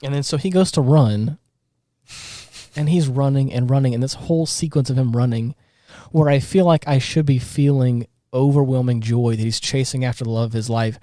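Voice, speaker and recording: A man co-hosting a podcast, recapping a film in casual chat with animated, ranting energy. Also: mid-range voice, moderate pace, no room sound, studio quality. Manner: animated, ranting, breaks into exasperated laughs. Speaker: podcast co-host.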